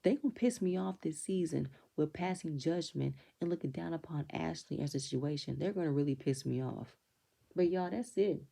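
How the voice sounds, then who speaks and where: Blunt, gravelly-voiced woman recapping reality TV. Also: low voice, moderate pace, dark tone. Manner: opinionated, blunt, swears freely; acts out quotes in raised voices. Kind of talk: casual recap commentary.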